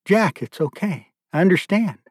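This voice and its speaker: A man doing a soft, soothing woman. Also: high-pitched, animated, moderate pace, breathy edge, no room sound, studio quality, pitched above the performer's own voice. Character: gentle comforting young woman.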